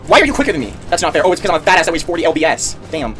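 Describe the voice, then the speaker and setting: A man giving casual gaming commentary, swearing a lot and swinging from low muttering to panicked yelling. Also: very animated, racing, over music. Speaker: gamer streaming a co-op horror game.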